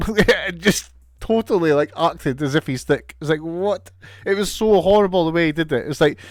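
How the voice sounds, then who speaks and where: A man with a fairly high voice rants through a wrestling recap, swearing freely, mocking what he saw and laughing along the way. The sound is dry and close, with no room in it. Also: no echo. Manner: sweary, sarcastic, laughs often. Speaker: wrestling show reviewer. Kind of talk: casual recap commentary.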